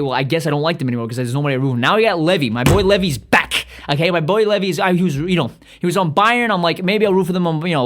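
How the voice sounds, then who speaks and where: A man hosting a podcast in a profane, rambling monologue, excitable and stuffy-nosed, often trailing off and restarting. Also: on the high side. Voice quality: stuffy nose. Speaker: podcast host.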